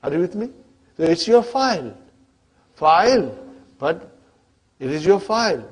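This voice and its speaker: A man with a slightly high-pitched voice teaches Arabic grammar to a classroom of students. He mixes English with Arabic grammar terms and draws some of them out slowly. Every few phrases he stops to check in with the class, asking "huh?" and "are you with me?". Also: big pitch swings, slightly rough.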